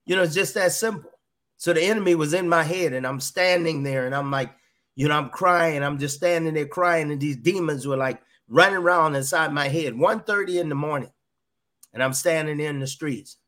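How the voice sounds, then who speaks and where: A man's voice: fairly high pitch, moderate pace, a bit bright. A middle-aged man giving an earnest personal testimony as a podcast guest, often repeating his phrases. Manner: earnest, repeats phrases, quotes voices in dialogue.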